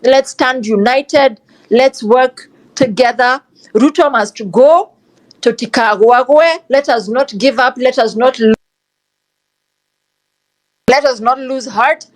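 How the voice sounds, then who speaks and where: A woman's voice: high-pitched, takes it slowly, long pauses, rough recording. A young woman with a Kenyan accent, speaking passionately in an online discussion, repeating her points and mixing in Swahili. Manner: passionate, repetitive, switches into Swahili. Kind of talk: impassioned live audio discussion.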